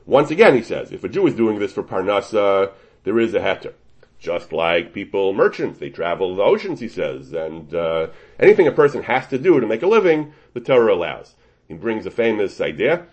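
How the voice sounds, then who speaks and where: A man gives a Talmudic lesson, working through a rabbinic ruling with plenty of Hebrew and Yiddish terms. His voice sits a bit low and is slightly husky. His pitch moves a lot, rising and falling as he argues each point. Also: big pitch swings, normal speed. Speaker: Torah teacher. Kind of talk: Talmudic lecture.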